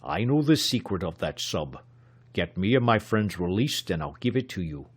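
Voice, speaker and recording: A man's voice: sits low, sing-song, normal speed, husky, exaggerated voice. A man doing a sly, casual prisoner. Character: sly adult male prisoner, amused schemer.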